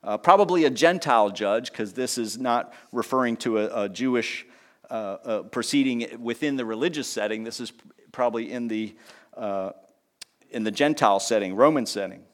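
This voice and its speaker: A man preaching a sermon in a lively teaching tone, with conversational asides and small jokes. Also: moderate pace. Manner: lively teaching tone, pitch rising on key points and dropping low on asides. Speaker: pastor.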